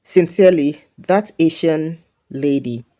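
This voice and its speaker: A man's voice: a little high, measured pace, warm tone. A man giving casual reaction commentary in an earnest, musing way. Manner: earnest, musing, says "sincerely".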